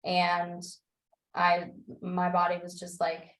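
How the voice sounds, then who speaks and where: Animated young woman on a roomy video call. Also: on the low side, takes it slowly. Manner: animated, laughing, quotes herself in lively voices. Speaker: book club member. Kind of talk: casual chat on a video call.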